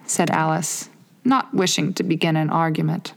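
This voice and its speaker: A woman reading a storybook aloud in a calm, unhurried, measured way. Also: deep voice, creaky. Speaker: narrator.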